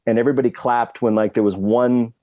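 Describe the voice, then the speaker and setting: A man's voice: mid-range voice, fairly even intonation, quick pace, warm tone. A man telling rambling, self-deprecating stories as a guest in a casual interview. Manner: rambling storyteller, self-deprecating, with frequent restarts. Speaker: guest screenwriter.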